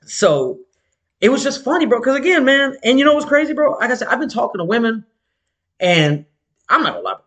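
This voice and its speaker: Speaking very high-pitched and fairly quick, a male podcast co-host recounts a story during a laid-back chat. He's animated, slangy and profane, voicing the characters he quotes.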